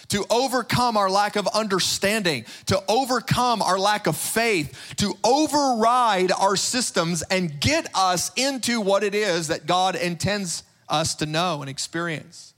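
A man preaching with fervor and emphasis, stacking repeated phrases one after another. His voice sits high for a man, and he takes his time, letting each line land slowly. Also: a bit bright. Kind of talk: sermon.

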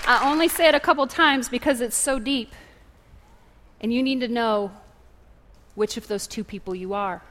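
A woman's voice: fairly high pitch, moderate pace, pauses often, a bit bright, slight background noise. A woman preacher delivering an impassioned sermon, driving home her point with repeated rhetorical questions. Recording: reverberant hall with faint music. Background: faint music.

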